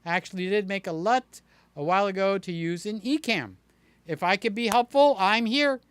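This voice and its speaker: A man hosts a casual livestream, reading viewers' chat aloud and answering them by name in a slow, chatty way with a playful streak. At times he slips into a high playful voice to entertain a child. His tone is clear and resonant, with no echo.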